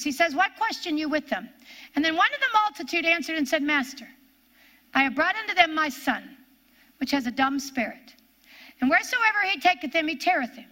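A woman with an Ohio accent preaching a sermon, swinging between loud commands and low hushed tones.

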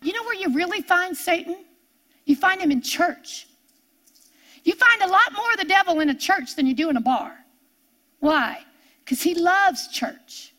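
A woman preaching a sermon with a high, bright, piercing voice. She drives home each point by repeating it, building emphasis as she goes. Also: animated, a little slow, long pauses.

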